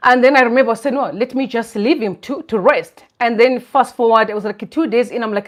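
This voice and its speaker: A woman from Zimbabwe, hosting a live stream and talking in an earnest, reflective way with soft laughs. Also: on the high side, quick pace, hardly any pauses. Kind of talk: casual live-stream talk.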